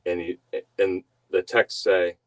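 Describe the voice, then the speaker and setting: A man's voice: deep voice, flat delivery, slow, poor audio. A young man telling a rambling story to his stream viewers, laughing often and breaking off mid-sentence. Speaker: reseller streamer.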